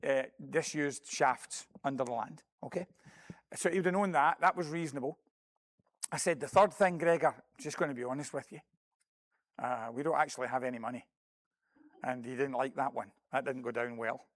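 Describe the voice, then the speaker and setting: A middle-aged man stands before a church congregation, telling the story of a mission. His voice sits a touch high and lively as he acts out phone calls, then turns earnest and self-deprecating. The sound is dry and close. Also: no room sound. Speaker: church worker giving a mission report. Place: church building.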